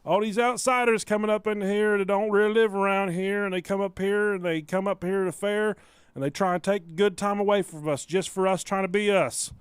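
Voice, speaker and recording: A man's voice: high-pitched, fairly even intonation, brisk, clear, resonant tone, no echo, pitched above the performer's own voice, close to an everyday voice. A man voicing a blustering local fairgoer who rambles indignantly about outsiders.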